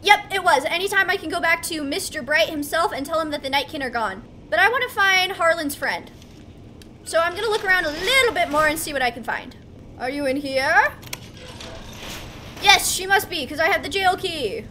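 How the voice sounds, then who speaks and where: A woman streamer giving casual gameplay commentary, excitable and talking to herself, with yelps as she plays. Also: very high voice, normal speed, slight background noise. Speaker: gaming streamer.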